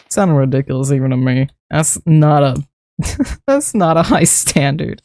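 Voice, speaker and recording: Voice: medium pitch, darkish tone, no echo. Casting note: rambling game streamer, self-talk, easy chuckles, dry close sound. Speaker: streamer building a game base. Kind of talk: casual gameplay commentary.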